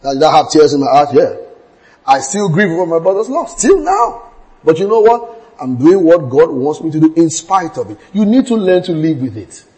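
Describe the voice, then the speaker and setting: A pastor preaching a sermon, telling stories with acted quotes and bursts of shouting. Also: male voice, fairly high pitch, sing-song, moderate pace, low-quality recording.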